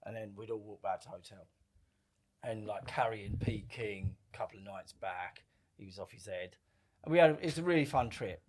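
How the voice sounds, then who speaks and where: A man's voice: fairly low pitch, moderate pace. Man telling stories, swearing. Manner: animated, swears freely, acts out quoted lines. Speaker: podcast guest. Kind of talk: casual storytelling.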